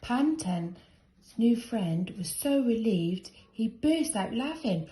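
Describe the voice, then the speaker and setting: A woman reading a children's storybook aloud in a brisk, expressive way. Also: on the high side, poor audio. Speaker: reader.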